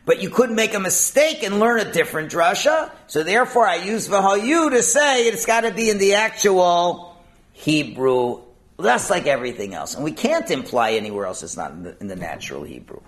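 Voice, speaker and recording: A man's voice: high-pitched, very animated, normal speed, fairly bright tone. A man explaining a Talmud passage, asking and answering his own questions and mixing in Hebrew and Aramaic terms. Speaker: Talmud teacher.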